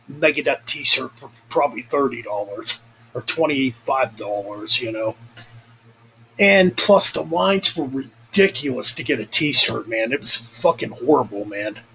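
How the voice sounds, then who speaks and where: The recording is low quality with a bit of hiss or hum, and the young man's mid-range voice comes across pushed and bright. He's a vlogger chatting casually, wandering off topic, swearing, and fixing his own words mid-sentence.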